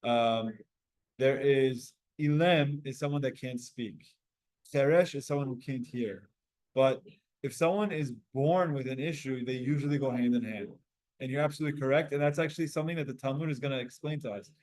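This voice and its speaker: Energetic man teaching a Talmud class. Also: mid-range voice. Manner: energetic, quick, asks the class questions.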